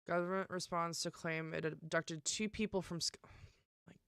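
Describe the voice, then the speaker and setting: A young woman streamer talking casually and emphatically, swearing often and filling pauses with "um" and "like". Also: fairly low pitch, steady tone, a bit bright, clear, resonant tone, no room sound, studio quality. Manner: emphatic and profane, with many fillers. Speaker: live streamer. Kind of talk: casual live-stream rant.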